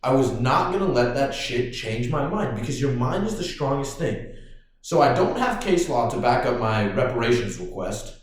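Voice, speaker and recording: A man hosting a podcast, ranting casually in a profane, excitable way. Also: medium pitch, normal speed. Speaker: podcast host. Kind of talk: casual rant. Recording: very echoey room.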